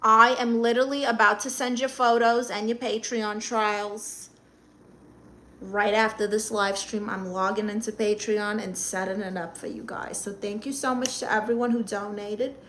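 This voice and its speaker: A woman's voice: mid-range voice, steady tone, moderate pace, a bit bright, slight background noise. A woman with a Brooklyn accent hosting a comedic phone live stream, reading chat comments in a brash, sassy manner. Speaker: livestream comedian.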